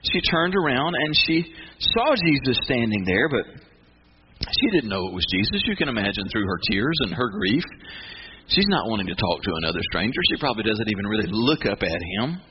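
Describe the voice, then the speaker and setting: A man's voice: mid-range voice, highs cut off, slight background noise. A man preaching a sermon, retelling a story with rising fervor and voicing the people in it. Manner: builds to near-shouting fervor, acts out voices of angels and Mary. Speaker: pastor.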